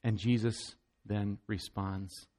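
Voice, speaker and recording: A man's voice: lowish voice, flat delivery, slow, a little mellow. A man preaching a sermon as pastor, earnest and emphatic, often repeating words as he goes.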